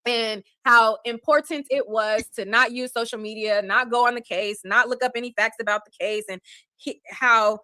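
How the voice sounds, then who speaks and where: A woman's voice: fairly high pitch, steady tone, normal speed, pushed and bright, no echo. A woman hosting a livestream, casually retelling a court hearing in a rambling way with many fillers and restarts. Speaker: livestream host.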